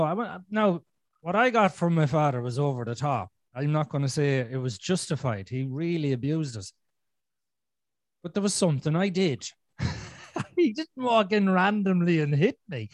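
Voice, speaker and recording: A man's voice: on the high side, expressive, normal speed, no echo. A man with an Irish accent talking bluntly and swearing freely as a podcast guest in a casual conversation.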